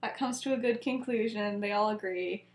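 A young woman co-hosting a podcast, casually retelling a fan story, animated and laughing often. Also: medium pitch, normal speed. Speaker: podcast co-host. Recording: echoey room.

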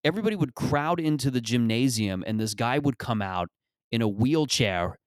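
A man's voice: medium pitch, expressive, moderate pace, no room sound. A man hosting a comedy podcast, rambling through a profane, self-deprecating monologue. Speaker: comedian host.

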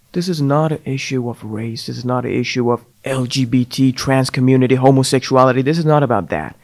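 A man hosting a podcast, ranting in a combative, mocking way; English is not his first language. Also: mid-range voice. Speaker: podcast host.

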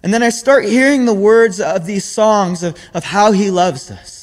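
Earnest high-voiced young man preaching. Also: moderate pace. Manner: earnest, often repeats words mid-sentence. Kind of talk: sermon. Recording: long hall reverb.

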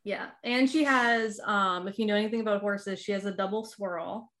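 A woman's voice: mid-range voice, steady tone, normal speed, fairly bright tone. A woman in her thirties from the Boston area, chatting casually and laughing often, with lots of "like" fillers. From Boston area, Massachusetts. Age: 30s. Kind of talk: casual chat.

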